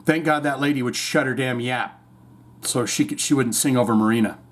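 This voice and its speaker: A man's voice: medium pitch, brisk. A man hosting a podcast, giving rambling, irreverent, profanity-laced commentary on the news. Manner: rambling, irreverent, swears freely. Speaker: podcast host.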